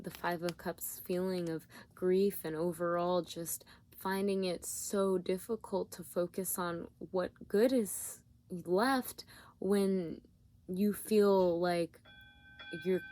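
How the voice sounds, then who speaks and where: A tired woman giving a spiritual tarot reading, talking gently with searching, repetitive phrasing and many fillers. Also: fairly low pitch, a little hiss or hum. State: yawning, tired. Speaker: tarot reader.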